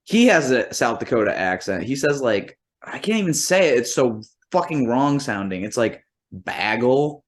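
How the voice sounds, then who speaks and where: A man's voice: mid-range voice, moderate pace, few pauses. A man from New England hosting a casual interview, joking and swearing, often slipping into mocking voices. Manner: animated, profane, jokey, slips into mocking voices. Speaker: podcast host.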